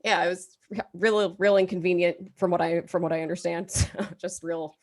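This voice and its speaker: A woman's voice: on the low side, steady tone, normal speed. An American woman hosting a live comedy game show, reading clues and laughing through profane, joking asides. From United States.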